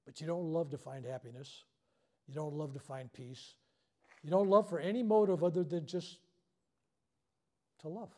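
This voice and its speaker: Animated older male storyteller, mellow voice. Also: on the high side, moderate pace, pauses often. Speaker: reverend leading a healing workshop. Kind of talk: storytelling talk to a live audience. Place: workshop hall.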